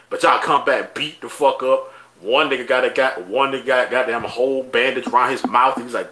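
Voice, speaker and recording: A man co-hosting a podcast in loud, animated casual chat, swearing and laughing often. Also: mid-range voice, a little fast. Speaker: podcast co-host.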